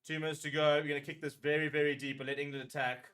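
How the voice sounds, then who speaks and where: Guy doing nervy live rugby fan commentary, kinda high voice, keeps repeating himself. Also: level tone, fast talker, a bit bright. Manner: nervous, emotional play-by-play, repeating phrases.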